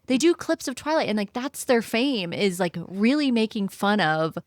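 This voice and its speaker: A woman's voice: a little high, sing-song, moderate pace, no room sound, studio quality. A woman co-hosting a book podcast, chatting animatedly and rambling with lots of filler words. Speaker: podcast co-host. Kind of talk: casual chat.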